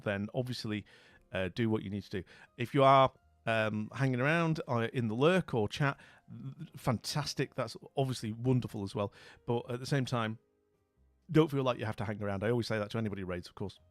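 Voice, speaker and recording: A man's voice: mid-range voice, no echo. A man hosting a live stream in casual chat, jovial and rambling, greeting viewers with theatrical exclamations.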